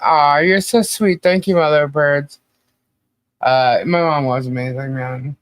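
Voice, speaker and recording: A woman's voice: sits low, steady tone, measured pace, dry recording. A woman co-hosting a podcast in casual chat, fondly and emotionally reminiscing and laughing often. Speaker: podcast co-host.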